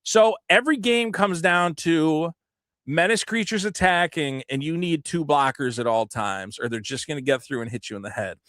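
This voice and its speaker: A man co-hosting a podcast, ranting with animated, profane energy and quoting other players in put-on voices. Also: a little high, moderate pace, no echo, studio quality. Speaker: podcast co-host. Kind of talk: casual podcast chat.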